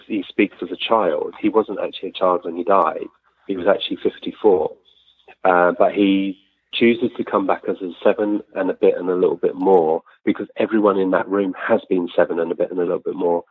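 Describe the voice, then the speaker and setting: Husky low-voiced man on a thin line. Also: fairly quick, no room sound. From Sussex, England. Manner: chatty, animated storyteller with frequent self-corrections. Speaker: medium being interviewed. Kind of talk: conversational interview answers. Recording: dry, tinny phone-like line.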